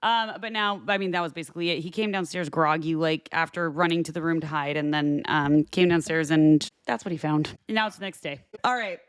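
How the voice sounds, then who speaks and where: A young adult woman, a podcast co-host, giggling and animated as she retells scenes during a casual watch-party chat. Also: sits low, brisk, few pauses, smooth, no echo.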